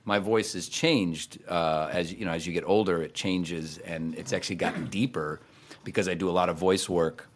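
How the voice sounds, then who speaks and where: Male impressionist, very low voice, chatty interview guest. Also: steady tone. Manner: quick, chatty, laughs often. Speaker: voice actor and impressionist. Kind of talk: casual interview chat.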